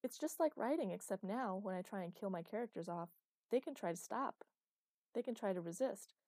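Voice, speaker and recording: A woman's voice: mid-range voice, animated, brisk, mellow, no room sound. A woman voicing a cheerful young female writer who runs a fantasy game with sadistic glee. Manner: cheerful and teasing.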